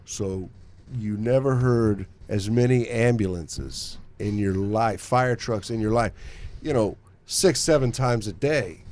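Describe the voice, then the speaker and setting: Chill guy hosting a radio chat, low mellow voice, easygoing. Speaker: radio show host.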